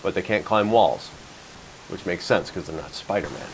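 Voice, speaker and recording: A man hosting a podcast, telling stories in a relaxed, joking way and poking fun at himself. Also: low voice, normal speed, slight background noise, low-quality recording. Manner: chatty storyteller, jokes about himself. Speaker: podcast host. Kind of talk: casual chat.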